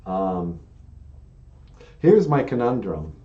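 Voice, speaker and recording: A low-voiced man chats casually on his live stream, rambling and self-deprecating, with a mellow tone. His voice sounds dull and lo-fi, with echo from the room around him. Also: sing-song, very slow, a little hiss or hum. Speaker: puppeteer and stream host.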